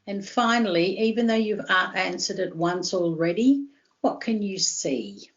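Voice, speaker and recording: A woman with an Australian accent, a counselling psychologist calmly explaining and guiding step by step. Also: medium pitch, a little slow, muffled recording. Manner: steady, reassuring, guiding step by step. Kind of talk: calm explanatory interview talk.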